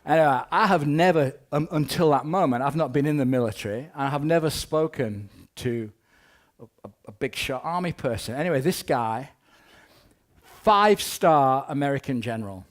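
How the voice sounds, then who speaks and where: A man giving a humorous talk, telling a rambling anecdote full of wry asides and quick jokes. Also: on the high side, animated. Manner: rambling, often restarts with "anyway". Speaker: keynote speaker.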